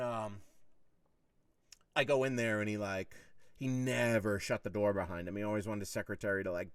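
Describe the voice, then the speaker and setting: A middle-aged American podcast host with a lowish voice tells a long story in a casual monologue, swearing freely and animatedly acting out heated arguments. He sounds far from the mic in a dry recording.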